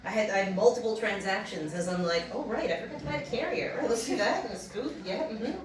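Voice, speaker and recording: A young woman telling a funny personal story on a comedy stage. She talks in an animated way, laughs often and acts out the voices in her story. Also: mid-range voice, fast, slight background noise. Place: small comedy venue. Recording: roomy distant mic with audience. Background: audience laughing.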